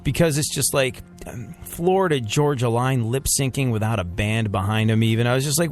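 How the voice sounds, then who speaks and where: A man's voice: mid-range voice, animated, normal speed, soft background music. A man co-hosting a radio show, joking in casual banter with sarcastic asides and lots of fillers.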